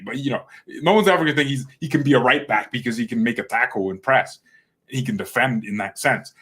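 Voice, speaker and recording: A man's voice: on the high side, a bit bright. A man delivers a casual football opinion rant as the host of a fan channel. He is blunt and opinionated, with a trash-talking edge, and he stammers over repeated words when he gets worked up.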